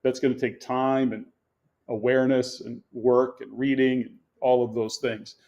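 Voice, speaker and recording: A man's voice: mid-range voice, level tone, normal speed, darkish tone, highs cut off. Earnest man in his sixties, storytelling. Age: 60s. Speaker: podcast guest, real estate coach. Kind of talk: conversational interview.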